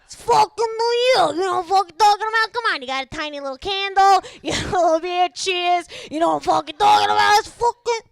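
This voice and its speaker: A woman voicing a pushy New York relative who rants fast and swears between boasts. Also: very high voice, gravelly, no echo, voice pushed up. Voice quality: rapid, swearing, boastful patter. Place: comedy club stage.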